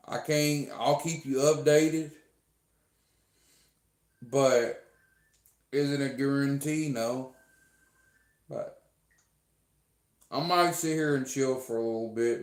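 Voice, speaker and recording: Slow, rambling man in an echoey room. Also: medium pitch. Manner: rambling and repetitive, full of fillers; earnest, heartfelt thanks to fans. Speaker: livestreamer. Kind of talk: casual livestream chat to viewers.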